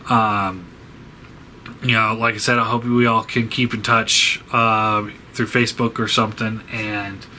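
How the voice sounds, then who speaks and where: A man talks through a casual farewell vlog in a bright, forceful voice. He rambles and halts, restarting sentences and filling gaps with fillers. A faint hiss sits under the recording. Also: mid-range voice. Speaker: toy review channel host.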